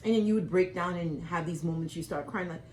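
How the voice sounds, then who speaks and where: This mother and co-host, middle-aged with a West Indian accent, speaks fast in a fairly low voice, with slight background noise. In candid talk with her daughter, she tells emotional, animated stories and performs the quotes.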